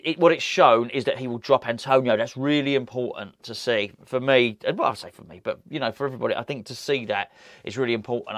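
A man's voice: mid-range voice, dry recording, clean studio sound. A man hosting a football chat, talking casually and rambling with restarts and fillers. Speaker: football podcast host. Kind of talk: casual solo commentary.

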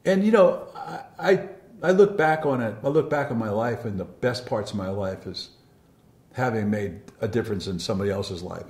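A former encounter group leader recalls the past in a reflective, rambling way, heartfelt and apologetic, often restarting his sentences. His low voice has vocal fry and a darkish tone, and the sound is roomy.

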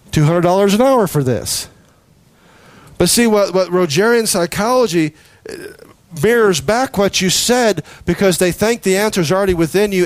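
Guy preaching, acts out prayers, bit high voice, animated. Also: dry recording. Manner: animated storytelling with laughs and acted-out prayers. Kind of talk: sermon.

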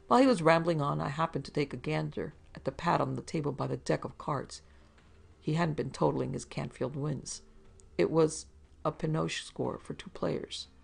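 A woman's voice: low-pitched, normal speed, gravelly, slightly rough. A woman narrating a hard-boiled detective story in a dramatic storytelling manner. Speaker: narrator and producer. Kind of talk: scripted audiobook narration.

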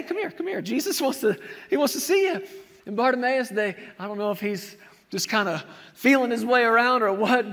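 A man delivers an animated sermon, his high voice bouncing off the walls of a big hall. He stops to act out scenes, throwing in shouted lines, then drops back into steady teaching. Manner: animated preaching, acts out scenes with shouted quotes. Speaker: preacher. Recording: long hall reverb.

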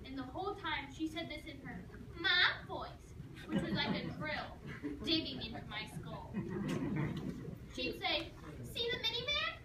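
High-voiced woman in a sarcastic monologue. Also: unhurried, long pauses. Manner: sarcastic, animated storytelling. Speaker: actor performing a monologue. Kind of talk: comic dramatic monologue. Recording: echoey room, mic far off, noisy.

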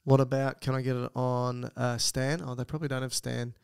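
Gravelly-voiced Australian man co-hosting a podcast. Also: medium pitch, flat delivery, a little fast. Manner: chatty, explanatory, joking asides. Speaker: podcast co-host. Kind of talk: casual chat, reading listener emails.

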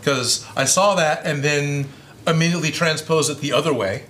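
A man's voice: fairly high pitch, moderate pace, fairly bright tone. A man hosting a livestream and chatting casually about making props, with an easygoing, rambling way of telling stories. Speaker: livestream host and prop maker. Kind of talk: casual workshop chat. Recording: roomy echo with faint hiss.

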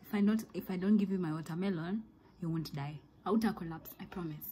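A young woman with a Kenyan accent telling a story to camera as a vlogger, animated and dramatic, mixing in Swahili slang. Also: fairly low pitch, brisk, slight background noise, poor audio. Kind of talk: storytime monologue.

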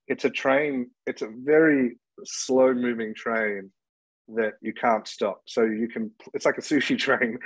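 A man's voice: on the low side, no room sound, low-quality recording. An Australian man, a show's producer, chatting casually in an interview, rambling and laughing as he talks. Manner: rambling, laughs mid-sentence. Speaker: executive producer and director.

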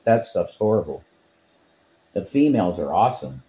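A laid-back man chats casually beside the host, his voice somewhat low and husky. He drops casual swears and easy agreement into the talk. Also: sing-song, normal speed, dark tone. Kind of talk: casual chat.

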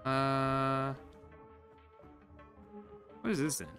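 A man giving casual commentary as he plays a game, talking to himself, often confused and quickly frustrated. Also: soft background music. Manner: jumps to high excited exclamations when surprised. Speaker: gaming YouTuber. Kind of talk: casual let's-play commentary.

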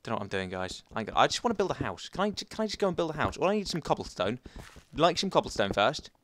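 A man's voice: mid-range voice, big pitch swings, quick pace, fairly bright tone, slight background noise. A young man giving chatty, rambling commentary while playing a survival game, talking to the viewers and to the animals. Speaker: gaming YouTuber.

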